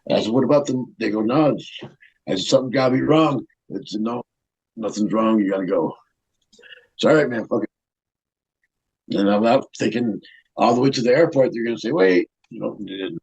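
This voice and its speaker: A man's voice: mid-range voice, brisk, vocal fry, darkish tone, slightly rough, muffled recording. An older man as an interview guest, telling a rambling, profane story and acting out what others said. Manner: rambling, profane, repeats himself, quotes others. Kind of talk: casual storytelling.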